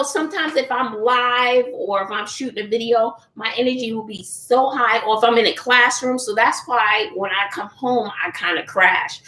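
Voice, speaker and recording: Middle-aged woman, vlog host, lively sing-song chatter, roomy echo. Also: fairly high pitch. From Texas. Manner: chatty, laughs often, calls viewers honey and child. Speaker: channel host doing a live chat. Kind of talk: casual livestream chat. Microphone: phone or computer.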